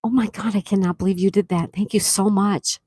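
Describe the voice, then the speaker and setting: A woman hosting a live stream, reading chat comments and excitedly thanking viewers, with frequent gasps. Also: mid-range voice, a little fast, breathy edge, dry recording, clean studio sound. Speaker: livestream host.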